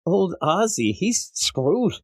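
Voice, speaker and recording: Animated, high-voiced man reviewing comics. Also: slow pace, slightly rough, no echo. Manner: animated, laughs often, acts out characters' lines. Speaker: podcast co-host. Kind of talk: casual comic book review chat.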